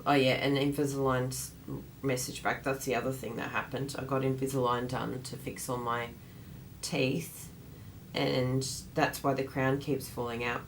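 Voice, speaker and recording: Low-voiced chatty woman with a groggy morning voice. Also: a little hiss or hum. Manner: chatty and rambling, laughs often. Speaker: craft class host. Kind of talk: casual livestream chat.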